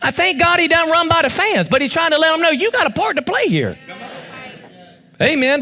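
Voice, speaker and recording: A man with a very high voice preaching a fiery sermon. His tone is bright and forceful, and he often breaks into shouts and quick bursts of speech. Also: sing-song. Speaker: pastor and youth football coach.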